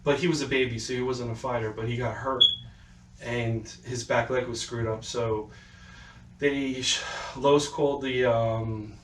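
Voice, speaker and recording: A male podcast host with a mid-range voice tells stories in a casual chat, speaking at a measured pace with fairly even intonation. When quoting people, he slips into put-on voices. The mic sits far away in an echoey room, picking up faint noise.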